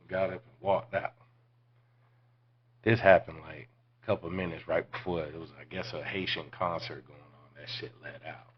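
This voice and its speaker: Podcast host, man in his 40s, extremely low voice, laid-back and foul-mouthed storyteller, muffled lo-fi sound. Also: moderate pace, a little hiss or hum. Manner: profane, laid-back, drops to near-whispers. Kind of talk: casual storytelling.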